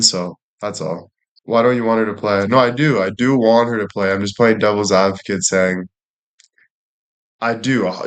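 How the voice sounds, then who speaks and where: A young man chatting casually and crudely, rambling and laughing often. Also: fairly low pitch. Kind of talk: casual chat.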